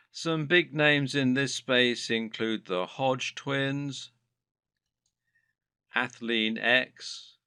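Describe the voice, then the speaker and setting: A man with a lowish but bright, forceful voice talks through online business advice. His pitch moves a lot as he explains. The recording is dry and close, with no room sound. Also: no room sound. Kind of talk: scripted advice narration.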